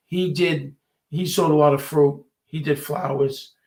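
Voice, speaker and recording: A man's voice: on the high side, a little slow. A man, telling stories in a casual chat and acting out the voices of the people in them. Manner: animated, acts out quoted voices. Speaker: storyteller.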